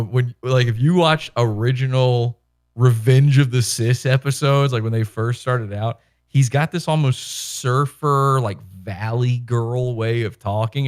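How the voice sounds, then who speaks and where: A man hosting a casual podcast talks into a microphone in a loose, rambling way. His voice sits at an ordinary pitch. He swears offhandedly and keeps the talk animated. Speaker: podcast host. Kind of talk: casual commentary chat. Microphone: microphone with headphones.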